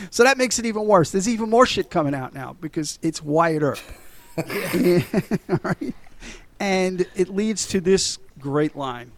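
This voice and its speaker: A man's voice: sits high, lively intonation, unhurried. A middle-aged man co-hosting a podcast, retelling movie scenes in casual chat, laughing often and swearing freely. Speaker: podcast co-host.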